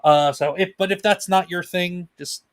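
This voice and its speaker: A man's voice: high voice, steady tone, normal speed. A man co-hosting a casual livestream chat with his wife, talking in a laid-back, rambling way with fillers and laughs. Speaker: co-host. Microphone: home desk mic, video call.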